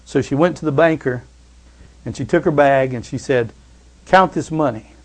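A man preaching a sermon who tells stories and often calls out amen, swinging between loud fervor and hushed softness. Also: mid-range voice, normal speed. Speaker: pastor.

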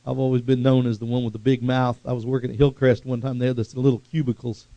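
A male preacher delivers a fervent sermon, his gravelly voice swinging into sudden loud bursts. The recording is dry and a little muffled, with no room sound. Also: mid-range voice, flat delivery, fast talker, no echo.

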